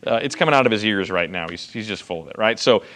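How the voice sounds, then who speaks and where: A man's voice: fairly low pitch, animated, fast, a bit bright. A man teaching a Bible passage to a group in a casual, conversational way. He checks in often with "okay" and "right.". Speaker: pastor teaching a Bible study.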